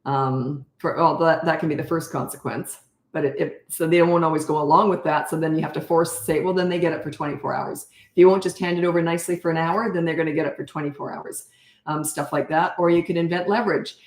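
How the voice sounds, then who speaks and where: An older woman coaching parents in a blunt, animated way, answering questions and acting out how to talk. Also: sits low, fast talker, reverberant. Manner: blunt, animated, acts out parent and child voices.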